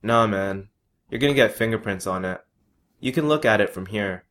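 A man's voice: lowish voice, normal speed, a bit bright, close to an everyday voice. A man voicing a boastful boy who guards his rare trading cards, talking in a casual, slangy way. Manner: possessive, casual slangy kid talk.

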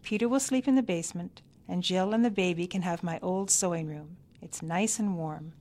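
A woman reading aloud voices a welcoming elderly grandmother who speaks quickly and eagerly in a higher voice. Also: a little mellow, close to an everyday voice. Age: older. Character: hospitable elderly grandmother, brisk.

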